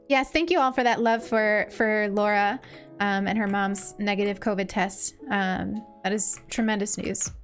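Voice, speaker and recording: A young woman streaming a cozy game, chatting gently and warmly greeting viewers, often saying things twice. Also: mid-range voice, fairly even intonation, a little slow. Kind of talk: cozy casual chat while gaming. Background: faint game music.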